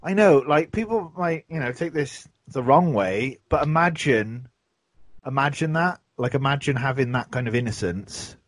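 A podcast host chats casually and tells rambling stories, swearing a lot. He has a medium-pitched, animated voice at a moderate pace, and the recording is dry.

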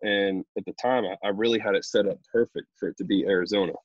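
A man, a pro baseball pitcher, chatting casually in an interview and telling stories loosely with lots of fillers. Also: quick pace, no room sound, dull audio. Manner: relaxed, rambling storyteller with many fillers.

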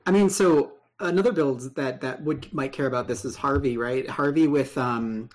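An easygoing man co-hosting a casual podcast chat about a card game. He sounds upbeat and agreeable, tossing in ideas as the talk goes. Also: medium pitch. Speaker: podcast co-host.

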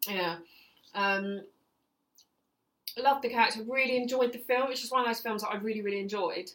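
A woman's voice: on the high side, normal speed, a bit bright. A woman co-hosting a casual film podcast, enthusiastic and blunt, swearing casually. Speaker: podcast co-host.

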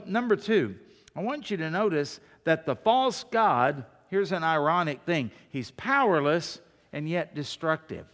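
A male pastor delivering a sermon, his voice sitting a little high for a man. He presses his points hard and then drops into quiet asides to the congregation. The sound carries a long reverb, like a large hall. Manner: emphatic, swings between loud declarations and quiet asides.

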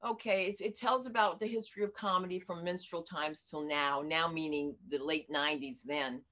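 A middle-aged American woman comedian and teacher, telling stories in an animated, outspoken way during an interview. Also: low voice, normal speed. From United States. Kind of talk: conversational interview over video. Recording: dull lo-fi audio.

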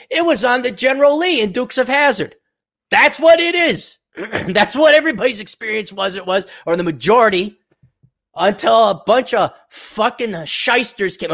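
A man with a slightly higher voice rants through a solo podcast. He swears freely and sneers at people he mocks. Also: very animated, normal speed, creaky, a bit bright. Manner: profane, sarcastic, ranting; mock voices for people he ridicules. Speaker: podcast host.

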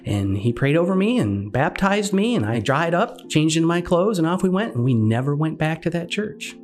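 A man's voice: fairly high pitch, moderate pace. A man earnestly recounting a personal faith story, acting out the dialogue as he goes. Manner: earnest, animated retelling with quoted dialogue. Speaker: guest sharing testimony.

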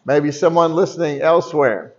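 A man's voice: fairly high pitch, normal speed, highs cut off, a little hiss or hum. Rambling storytelling preacher man. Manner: rambling storytelling, many restarts. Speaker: pastor. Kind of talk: sermon. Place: church.

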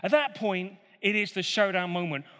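A man retelling a Bible story in a casual, animated way, with jokey asides. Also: sits high, moderate pace. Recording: long hall reverb.

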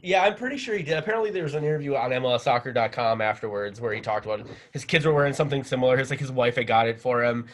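A man's voice: medium pitch, very fast, hardly any pauses. Chatty man hosting a podcast. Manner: rambling, with many fillers. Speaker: podcast host. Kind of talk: casual chat.

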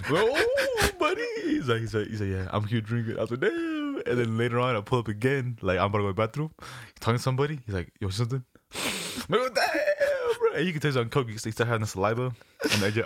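Young dude with a low voice, talks fast and bouncy, super dry sound. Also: male voice, dry recording. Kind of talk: casual chat.

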